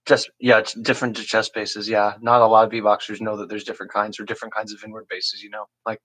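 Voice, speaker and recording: A young man casually explaining beatbox basses on a livestream, rambling with lots of "you know" and "like" and clearing his throat often. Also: flat delivery, quick pace, a bit bright, low-quality recording. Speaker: beatbox teacher.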